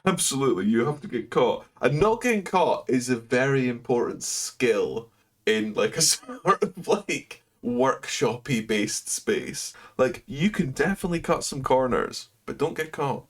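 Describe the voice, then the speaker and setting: A man co-hosting a casual podcast chat, laid-back and quick to laugh. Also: mid-range voice, sing-song. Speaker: podcast co-host.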